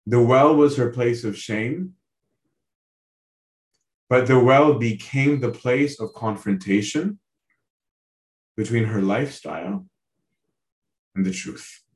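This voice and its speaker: Earnest priest preaching in an echoey room. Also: male voice, mid-range voice, slow, long pauses. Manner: earnest, asks listeners direct questions; conversational, tags lines with "right?". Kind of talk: sermon on a Bible passage. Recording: roomy echo.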